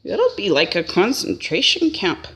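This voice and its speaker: A woman's voice: medium pitch, huge pitch swings, measured pace, a bit bright. A woman doing a rambling, folksy comic monologue and tagging her lines with a questioning "eh?". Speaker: comedian.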